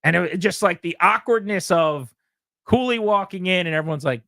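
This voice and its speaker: A man's voice: high-pitched, a little fast, creaky, no echo, clean studio sound. A male sports radio host telling a story in casual talk and acting out what people said. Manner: animated storyteller, acts out quotes with laughs.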